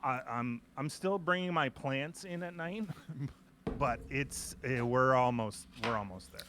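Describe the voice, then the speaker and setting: A man's voice: medium pitch, unhurried, noisy background. A man hosting a casual art podcast, telling rambling stories with many restarts. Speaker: host.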